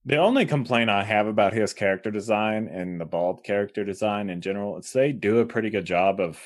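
A man's voice: lowish voice, a little fast. A man co-hosting a podcast, laid-back in casual comic book chat, giving short agreeing replies and dry remarks. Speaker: podcast co-host.

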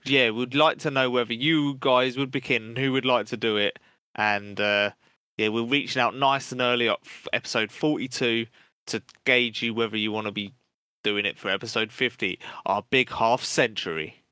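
Guy on a podcast, bright sharp voice, gets excited telling stories, swears, dry sound. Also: mid-range voice, normal speed, clear, resonant tone, no room sound. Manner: chatty, sweary, excitable storytelling. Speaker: podcast co-host. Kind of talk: casual chat.

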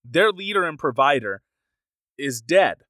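A man co-hosting a casual podcast, discussing a film with animated enthusiasm and now and then acting out crowds in raised voices. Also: a little high, measured pace, dry recording. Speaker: podcast co-host.

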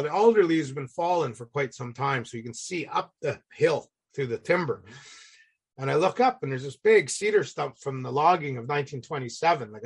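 Gravelly man telling a lively story. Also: a little high. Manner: animated, salty, acts out voices. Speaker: guest. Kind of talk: casual storytelling.

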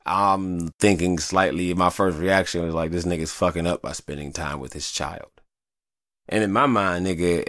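A man's voice: low voice, fairly bright tone, dry recording, studio quality. A man hosting a podcast, venting in a heated, profane casual monologue. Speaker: podcast host.

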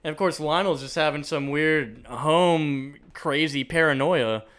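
A man's voice: fairly high pitch, measured pace, a bit bright. A man co-hosting a casual podcast, recapping a TV episode and mocking his partner's theories. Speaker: podcast co-host.

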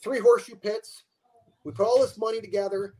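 A man's voice: high-pitched, fairly quick, slightly rough, poor audio. An older man, a guest, telling a long rambling anecdote in casual chat. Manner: rambling, animated anecdote-teller. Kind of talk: casual storytelling.

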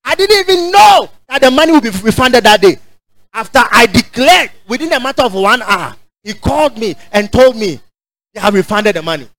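A man with a Ghanaian English accent preaching a sermon as pastor, calling out to the congregation, repeating his phrases and rising to shouts. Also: very high voice, expressive, brisk, rough recording.

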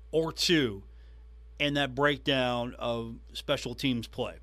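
A man hosting a sports podcast, recapping a coach's press conference with emphatic, animated delivery. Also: medium pitch, a little slow. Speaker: podcast host.

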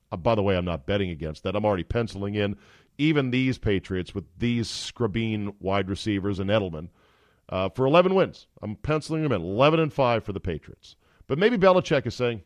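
A man's voice: fairly low pitch, big pitch swings, a little fast, dry recording. A middle-aged man hosting a sports podcast, delivering an opinionated, jokey monologue. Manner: opinionated, jokey, acts out quotes.

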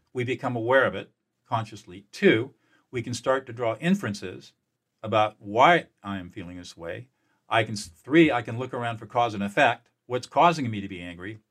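In an interview, a male mediator and peacemaker explains things energetically and emphatically. His voice is medium in pitch, and he often restarts and repeats words.

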